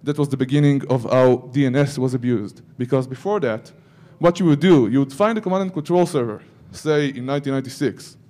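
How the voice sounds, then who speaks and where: A man's voice: mid-range voice, fairly quick, hardly any pauses, warm tone. A man giving a security conference talk, breaking into joking asides to the audience. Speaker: conference speaker.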